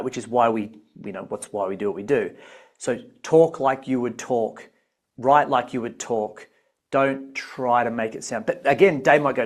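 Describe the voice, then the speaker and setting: A man coaching a live online masterclass, energetic and repeating his key points. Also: mid-range voice. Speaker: business coach.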